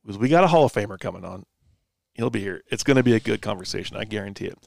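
A man's voice: on the low side, expressive, very fast, creaky, dry recording, clean studio sound. A man co-hosting a casual sports chat, telling stories with a laid-back manner and frequent laughs. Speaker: co-host.

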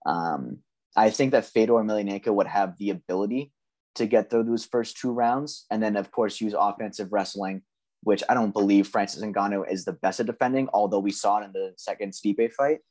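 Low-voiced man giving measured fight analysis. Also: a little mellow. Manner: measured, analytical, frequent ums. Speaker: podcast co-host. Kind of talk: casual fight-talk podcast chat.

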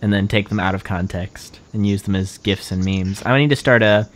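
Young male podcast co-host, lowish voice, rambling fan chat full of "like" fillers. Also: normal speed, slight background noise. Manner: rambling, many "like" fillers, laughs often. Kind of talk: casual chat.

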